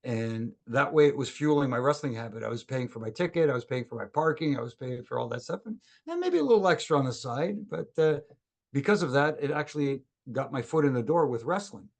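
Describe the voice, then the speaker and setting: A middle-aged man, a former wrestling referee, telling lively stories as a guest on a casual podcast. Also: medium pitch, fairly quick. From Canada. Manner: lively anecdotal storyteller who acts out quoted dialogue.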